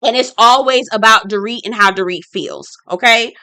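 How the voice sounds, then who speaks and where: Sassy woman doing a reality tv recap, crisp bright voice, dry close sound, keeps repeating herself for effect. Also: a little high, moderate pace, dry recording. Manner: blunt, sassy, talks straight to viewers; emphatic, repeats points for effect. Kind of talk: casual reality-show review vlog.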